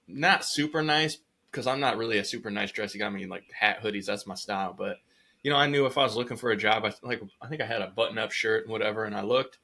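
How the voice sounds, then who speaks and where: Chill podcast host guy, bright voice, swears a lot, tells stories acting out everyone. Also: mid-range voice. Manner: laid-back, swears casually, acts out quoted voices. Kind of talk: casual chat.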